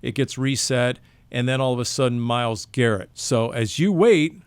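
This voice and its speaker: A man hosting a casual sports podcast, running through a segment with wry, deadpan delivery. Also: medium pitch, moderate pace, smooth, no room sound. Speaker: podcast host.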